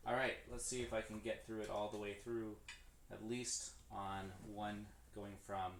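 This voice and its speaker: Practicing on a stream, a man with a lowish, level voice talks through drum stickings a little slowly, in a loose, wandering way. He corrects himself and counts hands out loud, and the recording from his drum-kit room is echoey, distant-miked, and noisy in the background.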